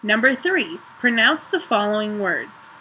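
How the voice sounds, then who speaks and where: A woman's voice: mid-range voice, sing-song, measured pace, bright, forceful tone, a little hiss or hum, low-quality recording. A young woman from Ohio with a northern US accent, chatting offhand in a casual vlog. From Ohio, northern United States. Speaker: vlogger. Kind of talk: casual chat.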